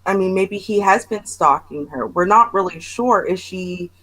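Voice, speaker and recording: A woman's voice: mid-range voice, measured pace, fairly bright tone, rough recording. A woman hosting a casual reaction chat, talking emphatically and with disbelief. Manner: emphatic, incredulous commentary. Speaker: show host.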